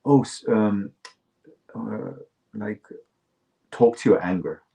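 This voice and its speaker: A man with a somewhat low voice co-hosts a casual talk show. He speaks candidly about his own experiences and laughs easily. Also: takes it slowly, gravelly, dark tone. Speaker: podcast co-host. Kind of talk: casual conversational chat.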